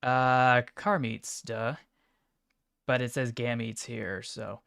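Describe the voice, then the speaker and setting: A man of ordinary pitch with a smooth, resonant voice chats casually through a live stream. He reacts to viewers' images in a mumbling, offhand way, broken by sudden excited bursts. The sound is close and dry. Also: slow pace, no echo. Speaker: livestreamer reacting to chat images.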